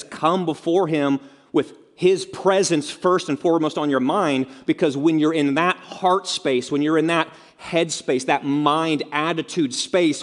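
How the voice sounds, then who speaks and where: Man preaching in a reverberant hall. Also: on the high side. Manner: conversational preaching with asides and rhetorical questions. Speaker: pastor. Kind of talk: sermon. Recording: long reverb of a large hall.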